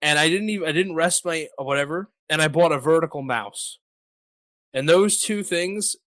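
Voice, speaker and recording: A man's voice: a little high, fairly bright tone, no room sound. Rambling, jokey male podcast host. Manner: rambling, jokey, lots of fillers. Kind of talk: casual chat.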